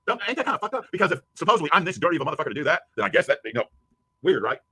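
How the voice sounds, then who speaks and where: A husky man fires off a furious, profane rant at breakneck speed, his voice bright and tense as it swings wildly up and down. The sound is dry and close, with no room around it. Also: a little high, very animated, rapid-fire, no echo. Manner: profane, shouting insults at a rival. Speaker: YouTube streamer. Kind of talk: angry livestream rant.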